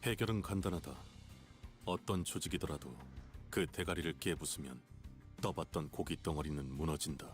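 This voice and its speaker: A man's voice: extremely low pitch, very fast, faint music behind. A male actor voicing a cold, ruthless man in a video game, delivered bluntly. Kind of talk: game voice acting.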